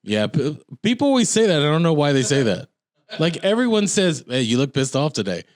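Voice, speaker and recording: A man's voice: on the high side, very animated, brisk, dry recording. A man co-hosting a podcast who talks loosely and rambles between jokes. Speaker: podcast co-host. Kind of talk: casual chat.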